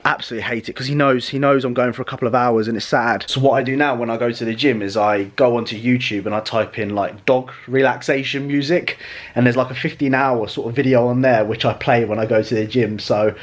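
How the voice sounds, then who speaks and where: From a parked car, a man vlogging as a fitness coach chats casually at a quick pace in a steady, medium-pitched voice. His talk is profane, blokey banter.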